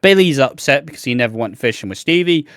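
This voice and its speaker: A man's voice: mid-range voice, expressive, fast talker, a bit bright, no echo, studio quality. A man co-hosting a podcast, brash and jokey, swearing freely in casual chat. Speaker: podcast co-host. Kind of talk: casual chat recapping a soap.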